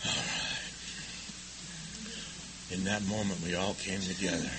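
A man sharing his own story of recovery with a live audience, confessional and self-mocking, swinging between hushed, quiet passages and loud laughing ones. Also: low voice, fairly even intonation, a little slow, noisy background.

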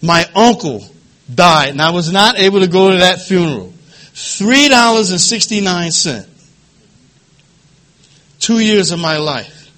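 Middle-aged man, high and tense timbre, quivering voice, emotional halting testimony at a support group. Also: lively intonation, pushed and bright. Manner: emotional, halting, repeats phrases, laughs between lines. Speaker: recovery meeting speaker.

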